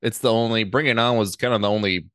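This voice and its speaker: A comedian guest on a podcast with a very deep voice and a bright, forward edge. He tells stories easily and slips in dry jokes, often chuckling as he goes. The sound is close and dry. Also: steady tone, fast talker, dry recording. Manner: easygoing, dry jokes, chuckles mid-sentence. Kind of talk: casual chat.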